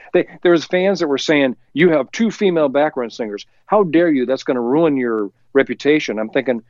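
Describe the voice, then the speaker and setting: Man spinning a lively studio anecdote. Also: mid-range voice, dry recording, dull audio. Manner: lively, acts out quoted voices, chuckles while telling; talks faster when excited. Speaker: musician guest. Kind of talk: anecdotal storytelling in an interview. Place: home recording studio.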